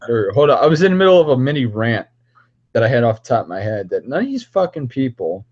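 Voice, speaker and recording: A man's voice: medium pitch, very animated, fast, darkish tone, dull audio. Profane rambling man ranting on stream.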